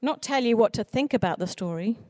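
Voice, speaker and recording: A woman who writes children's books, giving an earnest, expressive talk on writing for children. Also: a little high, a little fast, no echo, studio quality. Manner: earnest, expressive speaker with mock voices for quoted people. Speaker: children's author. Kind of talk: conference talk.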